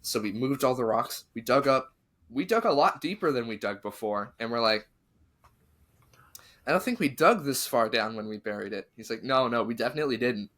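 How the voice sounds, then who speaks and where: A man's voice: mid-range voice, moderate pace. A man hosting a podcast, telling a spooky story in casual chat and acting out what the people in it said. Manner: animated, acts out quotes of the people in his story.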